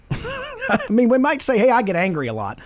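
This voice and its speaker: A man's voice: extremely high pitch, normal speed, no room sound. A middle-aged man on a Christian talk show, speaking earnestly about fatherhood, quoting scripture and laughing often. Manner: animated, preachy, quotes scripture, laughs often.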